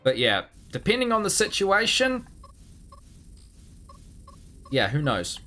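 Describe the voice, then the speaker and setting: A man's voice: high voice, huge pitch swings, slow pace, sharp tone, soft background music. Swearing, rambling male game streamer. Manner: swears freely, mutters and hums while playing; rambling, self-mocking. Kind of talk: live gameplay commentary, reading chat.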